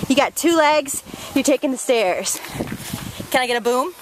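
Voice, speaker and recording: A woman's voice: high voice, lively intonation, normal speed, a little hiss or hum. A woman walking and vlogging to a handheld camera outdoors in a rainforest, upbeat and motivational, laughing often. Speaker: vlogger, fitness doctor.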